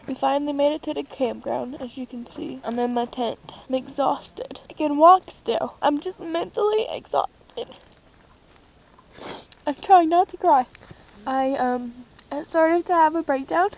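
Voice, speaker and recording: Chatty young woman, high voice. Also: creaky, a little mellow, rough recording. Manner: chatty, candid and rambling. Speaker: vlogger. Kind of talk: casual vlog updates. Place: outdoors on a canyon hiking trail and campground.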